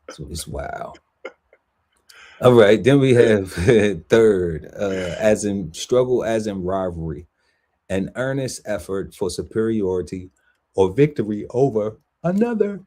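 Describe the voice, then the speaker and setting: A deep-voiced man co-hosting a podcast, working slowly through a list of words and tossing in playful asides. His voice is low and a little husky, and his delivery is unhurried. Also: darkish tone. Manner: lists words slowly, riffs playfully on them. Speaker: podcast co-host. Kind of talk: reading out a word list with banter.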